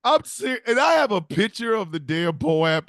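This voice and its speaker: A man's voice: high voice, slow, dry recording. Guy cracking himself up telling a story, voice jumps all over, dead dry room. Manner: laughing, animated storytelling with swearing. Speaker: show host. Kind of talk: comedic rambling talk show.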